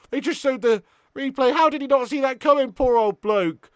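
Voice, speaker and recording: A man hosting a live football watch-along stream, chatting with viewers, swearing and getting excitable. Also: very high voice, normal speed, clean tone, no room sound, studio quality.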